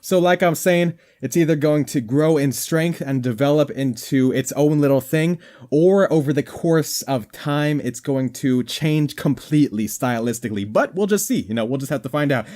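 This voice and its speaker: A man's voice: on the high side, normal speed, a little mellow. A man giving goofy, rambling commentary over a game, with a slightly worn voice. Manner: goofy, rambling, jokey asides. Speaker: gaming commentator.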